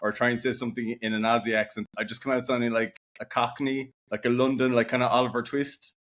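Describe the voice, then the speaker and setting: A man in his forties from Ireland, speaking with an Irish accent, chats casually as a guest author in a podcast interview. His mid-range voice moves at a quick pace with little pitch variation and a slightly bright quality. He rambles, using plenty of fillers.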